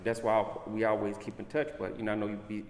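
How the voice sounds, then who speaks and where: A man's voice: fairly low pitch, completely flat delivery, fast. Earnest man in an echoey room. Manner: earnest and warm-hearted, repeats "you know what I'm saying". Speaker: interview guest. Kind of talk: casual interview chat. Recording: echoey room with long reverb.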